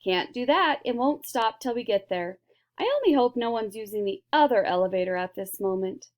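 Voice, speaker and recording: A woman voicing an eccentric, gleeful male candy maker with an exuberant, brisk manner. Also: a little high, lively intonation, darkish tone, lightly acted. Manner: exuberant, brisk, cheerfully reckless.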